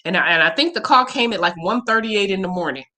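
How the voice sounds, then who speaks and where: A woman's voice: mid-range voice, animated, quick pace, sharp tone. A woman hosting a casual livestream Q&A as a spiritual reader, talking in a candid, emotional and profane way.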